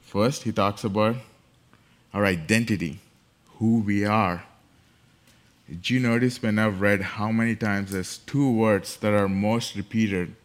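A man preaching a sermon, emphatic and building in force, repeating key phrases. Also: on the low side. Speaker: pastor.

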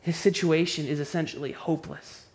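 A man with a high voice preaches a sermon. He drops to a hushed, quiet delivery, then climbs into loud, impassioned stretches. He often stumbles and restarts his words as he presses his points. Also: fairly even intonation, a little fast. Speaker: pastor.

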